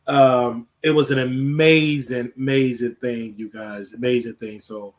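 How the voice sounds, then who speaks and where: A man's voice: medium pitch, fairly even intonation, unhurried, few pauses. A man hosting his own show, chatting casually to his viewers, repeating phrases and calling them y'all. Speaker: show host. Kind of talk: casual solo chat to viewers.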